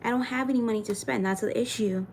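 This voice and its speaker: A woman's voice: a little high, quick pace, a little mellow, a little hiss or hum. A young woman from Florida chatting casually on a live stream, reading viewer comments aloud and venting frankly with plenty of swearing. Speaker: livestreamer answering chat.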